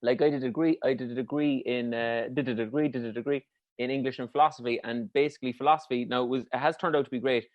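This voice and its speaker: A man's voice: mid-range voice, steady tone, quick pace, no echo, muffled recording. Reflective man, dry sound. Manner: reflective, laughs easily. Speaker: comedian. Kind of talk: casual chat.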